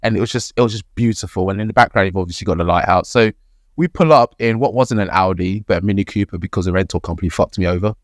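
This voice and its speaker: A man's voice: sits low, quick pace, no echo, studio quality. Swearing British guy telling a story. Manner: animated, swears freely, laughs mid-story. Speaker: podcast co-host. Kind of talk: casual storytelling.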